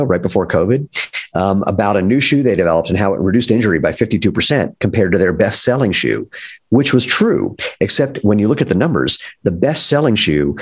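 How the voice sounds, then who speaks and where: Brief: deep-voiced man with a husky edge, founder-type guest, upbeat and wry. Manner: enthusiastic, wry asides. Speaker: footwear company founder as guest. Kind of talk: energetic explanatory talk.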